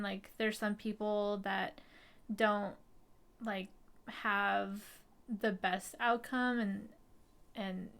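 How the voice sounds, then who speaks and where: A woman's voice: mid-range voice, gravelly, fairly bright tone. A woman co-hosting a live film discussion stream, chatting casually with lots of fillers and little hedges.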